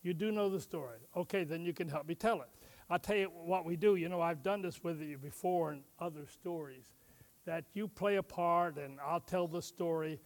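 A man's voice: fairly high pitch, normal speed. A man doing a comic ventriloquist Bible story, patient and coaxing, with lots of fillers.

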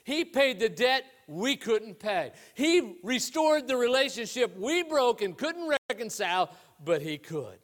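A man preaching a sermon, telling stories and asking rhetorical questions, swinging between loud emphasis and hushed low lines. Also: very animated, a little slow, hardly any pauses. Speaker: pastor.

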